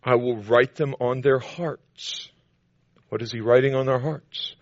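A man preaching a sermon to a congregation, building to loud, emphatic declarations between calmer teaching passages. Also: medium pitch, measured pace, no echo, muffled recording. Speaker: pastor.

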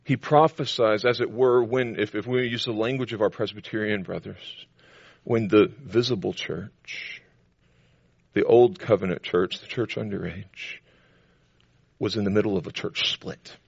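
Gravelly-voiced man preaching emphatically. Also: steady tone, unhurried, no room sound, highs cut off. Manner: preaching with emphatic rises to loud high declarations. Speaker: pastor. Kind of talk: sermon.

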